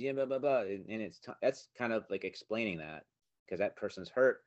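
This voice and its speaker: A man co-hosting a podcast, telling stories in a relaxed way with many fillers. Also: fairly low pitch, fast talker, no echo, dull audio. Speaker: podcast co-host. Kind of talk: casual spiritual chat.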